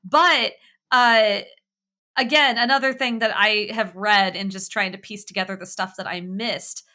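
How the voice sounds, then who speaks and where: Bright-voiced woman in casual game chat. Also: medium pitch, unhurried. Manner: chatty, animated retelling, quoting game characters in little voices. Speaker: podcast co-host.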